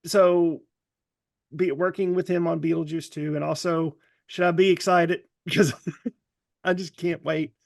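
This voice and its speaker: A man's voice: fairly high pitch, level tone, a little slow, vocal fry, darkish tone, no echo, studio quality. A man co-hosting a podcast who asks questions eagerly in casual chat and laughs often. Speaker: podcast co-host.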